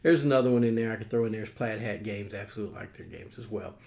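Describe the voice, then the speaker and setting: A man's voice: fairly low pitch, racing, creaky, darkish tone. A man with a country accent, hosting a casual board game chat with a folksy, rambling manner full of fillers. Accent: American Southern rural. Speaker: host.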